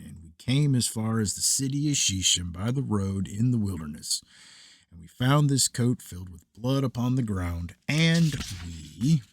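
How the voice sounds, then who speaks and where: A man giving a measured, solemn reading of an archaic scripture text. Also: on the low side, breathy edge, no room sound, clean studio sound. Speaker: scripture reader.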